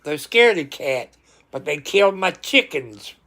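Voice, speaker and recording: A man with a drawl chats at an unhurried, easygoing pace. His voice is bright and forward, with a fairly high pitch for a man, and he now and then stops to talk to his pets. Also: sing-song. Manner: talks to his cats, sometimes scolding loudly. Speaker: livestreamer. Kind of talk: casual chat.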